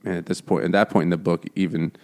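A man's voice: low voice, steady tone, quick pace, darkish tone. A man on a book podcast giving wry, profane commentary in casual chat. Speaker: podcast co-host.

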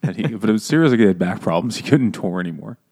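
A man's voice: on the low side, expressive, quick pace, a little mellow, breathy edge. A man co-hosting a casual comedic book chat, joking, laughing often and acting out characters' lines. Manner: jokey, laughs often, acts out quotes. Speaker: podcast co-host.

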